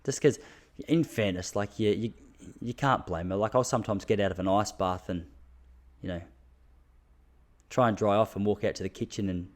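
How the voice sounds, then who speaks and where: With a fairly low voice, a moderate pace and long pauses, this young Australian podcast host spins casual solo stories. He laughs frequently and drops in self-mocking comments.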